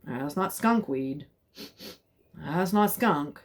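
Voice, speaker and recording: A middle-aged woman telling a personal story in a casual, animated way, sometimes dropping to a whisper for suspense. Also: deep voice, very slow.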